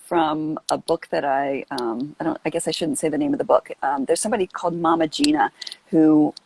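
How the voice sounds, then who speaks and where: A woman's voice: deep voice, fairly even intonation, fairly quick, darkish tone, a little hiss or hum, rough recording. A woman hosting a casual live chat on a video call, earnest and rambling with lots of fillers. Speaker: host.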